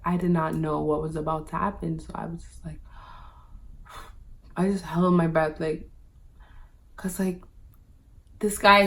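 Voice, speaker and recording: A woman vlogger telling a personal story straight to her viewers in a casual monologue, packing nearly every phrase with "like". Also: lowish voice. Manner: talks to viewers directly.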